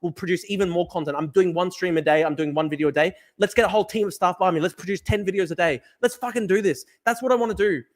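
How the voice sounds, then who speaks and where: A young man hosts a livestream from his desk, talking in a rambling, swearing, fired-up rush. His speech comes quick and pressing. His voice sits a little high for a man. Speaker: livestream host. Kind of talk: casual livestream talk reading chat. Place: at a desk at home. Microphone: desk camera mic.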